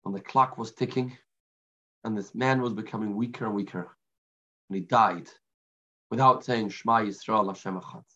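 A man giving a Torah class sermon, telling a story with dramatic pauses and Hebrew and Yiddish terms. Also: lowish voice, fairly even intonation, a bit bright. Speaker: rabbi. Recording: lo-fi muffled recording.

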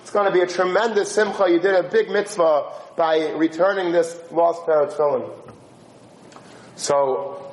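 Man, high voice, storyteller, animated, acts out dialogue, echoey room. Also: moderate pace. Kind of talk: spoken religious story.

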